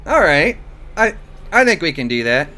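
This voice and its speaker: A man's voice: on the high side, sing-song, normal speed, pushed and bright. A man hosting a live gaming stream, chatting, greeting guests, and laughing often. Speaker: streamer host.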